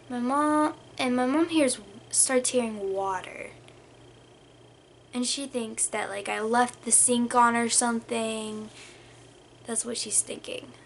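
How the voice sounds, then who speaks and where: A woman's voice: a little high, vocal fry, slight background noise. A young woman telling a storytime vlog in a rambling, casual way, full of "like" and dropping into whispers. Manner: rambling, lots of "like" fillers, drops to whispers. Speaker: vlogger.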